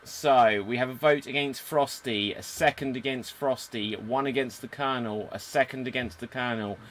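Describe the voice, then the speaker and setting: An upbeat man hosting an online improv game show at a middle pitch. He guides the voting with quick, laughing asides. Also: a bit bright.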